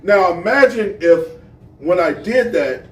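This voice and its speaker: A man's voice: high voice, takes it slowly, distant mic. Echoey, off-mic podcast guy telling stories. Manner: storytelling, animated, swears freely. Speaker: podcast co-host. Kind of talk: casual chat. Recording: roomy echo, off-mic, faint hiss.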